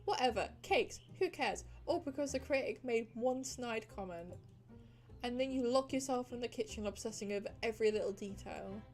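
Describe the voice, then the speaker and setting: A stubborn, overworked young wife from a cozy witch game pleads and bargains for one more ritual, as a woman reads her lines. The voice sits on the higher side, and faint music plays underneath. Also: expressive, normal speed, a little mellow. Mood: bitter.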